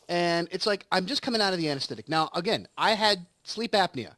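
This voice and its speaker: A man's voice: high-pitched, sing-song, fast, hardly any pauses, pushed and bright, dry recording. A man hosting a game video, telling a long, rambling story in casual chat while recovering from surgery. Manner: rambling storytelling with acted quotes. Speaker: let's play host. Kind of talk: casual chat over gameplay.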